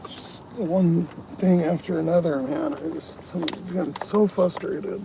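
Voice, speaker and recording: Gravelly man ranting in a car. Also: high voice, steady tone, measured pace. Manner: frustrated, swearing, ranting. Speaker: food delivery driver. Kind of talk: live-stream venting while driving. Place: inside a parked car. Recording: car ambience noise.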